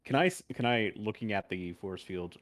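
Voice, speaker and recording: A man's voice: on the low side, expressive, moderate pace, fairly bright tone, no room sound, clean studio sound. A man asking hesitant questions as a player in a tabletop game.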